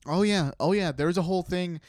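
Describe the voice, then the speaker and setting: Man, fairly high voice, casual storyteller, acts out quotes, dry close mic. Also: brisk, darkish tone, no room sound.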